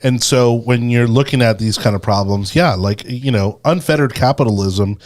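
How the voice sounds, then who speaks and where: A man's voice: mid-range voice, normal speed. A man from Colombia with a mid-range voice co-hosting a political talk show. He talks in an easygoing, conversational way. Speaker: podcast co-host. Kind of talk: casual political chat.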